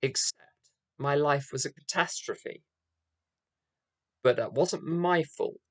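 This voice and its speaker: A man's voice: fairly high pitch, slow pace, fairly bright tone, dry recording. An older man giving a candid, self-mocking recovery talk, telling his story with rhythmic repeated phrases. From England. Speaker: AA speaker. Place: meeting room.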